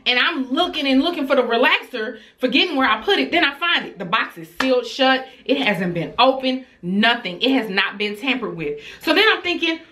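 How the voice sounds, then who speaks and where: A woman in her thirties telling a storytime to her viewers in a casual, animated way, acting out her children's voices. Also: sits high.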